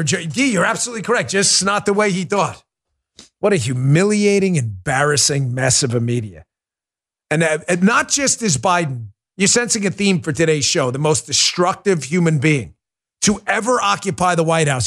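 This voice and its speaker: A man hosts a political commentary show in a heated, mocking rant. His voice sits high for a man and leaps around a lot in pitch. He scoffs and laughs along as he argues. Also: fairly bright tone. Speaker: podcast host.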